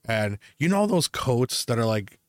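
A man's voice: medium pitch, big pitch swings, unhurried, clean tone, dry recording, studio quality. A young adult man in casual chat, telling rambling stories full of swearing and filler words. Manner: ranting storyteller, heavy swearing and fillers. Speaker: podcast co-host.

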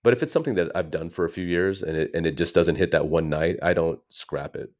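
US comedian with a deep low voice, chatty and self-correcting as he tells stories. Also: fast. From United States. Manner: rambling, self-correcting storyteller. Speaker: comedian guest. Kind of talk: casual interview chat.

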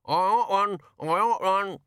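A man's voice: on the high side, steady tone, slow, sharp tone, clean tone, no echo, clean studio sound, voice pushed up, heavily acted. A man voicing a sarcastic little raven that mutters snide remarks.

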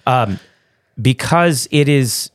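Casual pastor cohosting a podcast. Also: male voice, mid-range voice, slow pace, dry recording, studio quality. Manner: relaxed, joking, with frequent fillers and restarts. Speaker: pastor, co-host.

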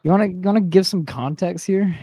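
A young man chatting casually with a friend, animated and slangy, throwing in jokes. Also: high-pitched, brisk, husky. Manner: animated, joking interjections, slangy. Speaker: podcast co-host. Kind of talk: casual chat.

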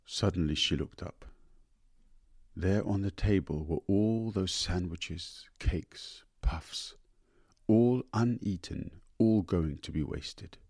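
A man narrating an audiobook of a short story in a measured, unhurried manner. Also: low-pitched, darkish tone, slightly rough, no room sound, studio quality.

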